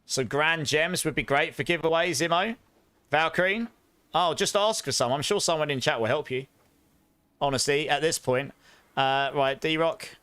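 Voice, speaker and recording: A man's voice: on the high side, normal speed, pushed and bright, clean tone, no echo. A young man hosting a live game stream, chatting upbeat with viewers and calling out giveaway winners. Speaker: streamer host.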